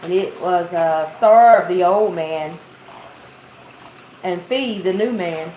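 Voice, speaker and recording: A woman with a low, warm voice takes her time preaching an informal sermon, recounting a Bible story in a chatty way. She calls her listeners "y'all" and acts out the quotes. The audio is muffled and roomy, with a faint hiss.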